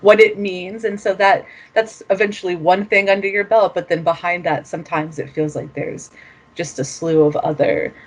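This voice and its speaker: Woman guest from the US, lower register, reflective and chatty with fillers. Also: fairly even intonation, moderate pace. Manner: reflective, frequent fillers and soft laughs. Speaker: former master's student guest. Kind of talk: casual interview chat.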